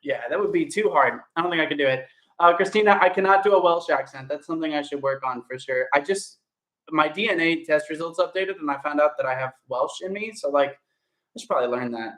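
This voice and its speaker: Fairly quick and on the high side, this young actor's fairly bright voice fills an echoey room at home during a casual livestream. He answers comments from viewers and greets them by name in an upbeat way.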